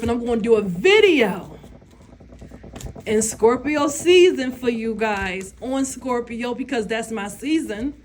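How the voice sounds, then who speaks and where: A woman's voice: fairly high pitch, lively intonation, unhurried, slight background noise. A woman vlogger, giving blunt, profane opinions in a casual rant and laughing often.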